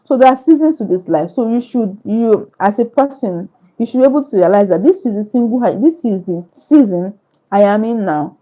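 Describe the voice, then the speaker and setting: A woman's voice: fairly high pitch, lively intonation, normal speed, mellow. Earnest woman author, lo-fi sound. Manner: earnest, repetitive, preacher-like phrasing. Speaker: author at book launch. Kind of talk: answering questions at a book launch.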